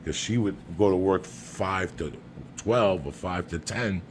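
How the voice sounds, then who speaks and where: A middle-aged New Jersey man with a Jersey accent hosts a podcast, telling brash, profane stories in a low, unhurried voice. He breaks into loud, laughing shouts, and the casual storytelling is recorded with noisy room ambience in the background.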